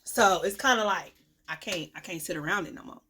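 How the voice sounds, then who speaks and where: A young woman, venting bluntly and with profanity in a candid vlog, her voice swinging from loud to a low mutter, with a cough now and then. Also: brisk, slight background noise. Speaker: vlogger, self-styled life coach. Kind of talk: candid talking-to-camera vlog.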